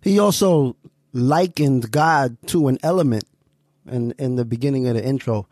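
A man's voice: mid-range voice, normal speed, darkish tone, no room sound, clean studio sound. Laid-back male podcast co-host. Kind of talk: casual theological discussion.

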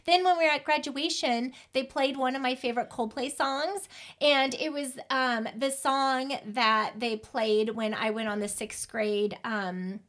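A woman's voice: high-pitched, a little slow. A woman in her forties co-hosting a casual chat, telling stories and acting out what people said. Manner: animated storyteller acting out quoted dialogue. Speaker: podcast co-host.

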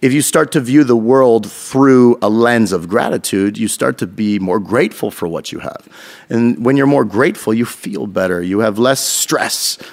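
A man from Canada, a guest on a podcast, talking in a casual, energetic way and swearing freely as he tells stories. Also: mid-range voice, normal speed. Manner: energetic, profane, storytelling. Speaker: podcast guest, fitness coach.

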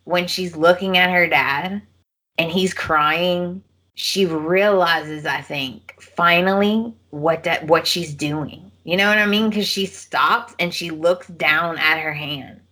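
Podcast host, female, low slow voice, vivid retelling with acted-out quotes. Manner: animated storytelling, acting out quotes. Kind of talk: casual chat.

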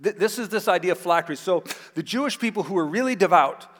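A man in his thirties, a pastor preaching a sermon with animated storytelling, acting out quotes in a raised voice. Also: high-pitched, fast. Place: church sanctuary. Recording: long hall reverb.

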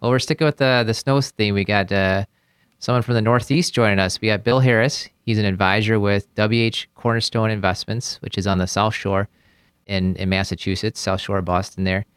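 A man's voice: fairly low pitch, fairly even intonation, brisk, clear, resonant tone, no room sound, clean studio sound. A middle-aged man hosting a podcast, upbeat and friendly in his banter with guests. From Maryland. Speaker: host.

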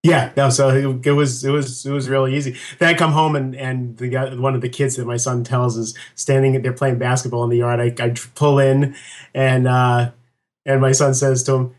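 A middle-aged man, a guest on an interview show, telling a personal story in a lively, laughing way and acting out what others said. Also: mid-range voice, moderate pace. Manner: animated, laughing storyteller who acts out quotes. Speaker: podcast guest.

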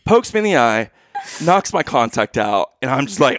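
A man telling a funny story in casual chat, animated and laughing, acting out what people said. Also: mid-range voice, normal speed, dry recording, studio quality. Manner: animated, laughing, acts out quotes.

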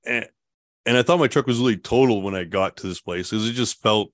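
A man guest telling his story in a casual interview, rambling and relaxed, with lots of fillers and laughs. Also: on the low side, quick pace, dry recording, studio quality.

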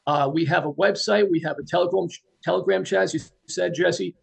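A male guest with a gravelly, husky voice speaks in an earnest, plain-spoken way. His voice sits a little high, with a rough grain. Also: steady tone, brisk. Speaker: guest, retired police officer. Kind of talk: casual interview talk.

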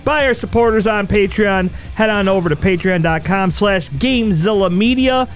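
A man's voice: high-pitched, moderate pace. A man co-hosting a gaming podcast, giggling and laughing through his lines. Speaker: podcast co-host. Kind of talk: casual podcast banter.

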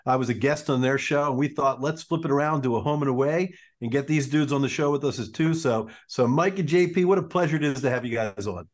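Upbeat male host, eager interviewer, mid-pitch voice. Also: fast talker, few pauses. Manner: enthusiastic, repeats "I love it". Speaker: podcast host, orthopedic surgeon.

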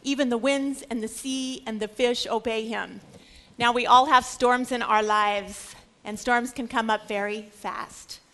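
A woman's voice: fairly high pitch, fairly even intonation, a little slow, bright, forceful tone. A middle-aged woman teaching a Bible lecture, earnest and emphatic. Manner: earnest, acts out scripture quotes with emphasis. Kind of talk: religious lecture.

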